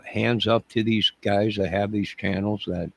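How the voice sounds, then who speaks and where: A middle-aged livestream host speaks with a husky, gravelly voice. He rambles and repeats himself and talks straight to his chat. The sound is close and dry. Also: lowish voice, fairly even intonation, a little slow, fairly bright tone, no echo. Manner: emotional, repetitive, speaks to chat. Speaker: channel host.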